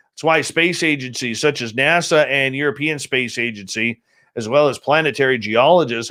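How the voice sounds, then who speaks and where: A man's voice: on the high side, fairly bright tone. A man hosting a radio show, casually reading news items aloud with small slips and self-corrections.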